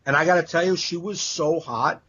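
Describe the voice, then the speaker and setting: Telling stories from comedy clubs, this male stand-up speaks at a moderate pace in a slightly high voice. The podcast chat is casual and profane, full of animated acted-out quotes, captured in dull lo-fi sound.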